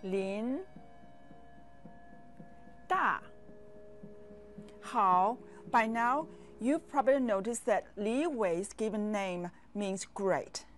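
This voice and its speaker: A woman teaching a language lesson, speaking slowly and patiently and pausing for learners to repeat after her. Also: medium pitch, soft background music. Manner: slow, patient drills with pauses for repeating.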